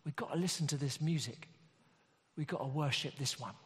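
A man's voice: on the high side, brisk, a bit bright, close to an everyday voice. A preacher putting on a London accent to voice an awestruck working-class male cab driver. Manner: exclaiming, plain-spoken. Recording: long hall reverb.

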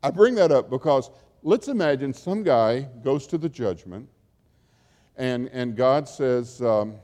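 A man's voice: medium pitch, animated, a little slow, dark tone. A man preaching a sermon as a pastor, in a conversational storytelling way that acts out quotes. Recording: long hall reverb.

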